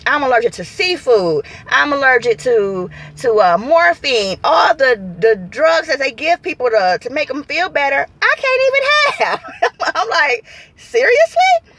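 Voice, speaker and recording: A woman's voice: a little high, a bit bright. A woman vlogging from her parked car, chatting animatedly and acting out quotes as she tells a story. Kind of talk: casual storytelling vlog. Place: parked car in a parking lot.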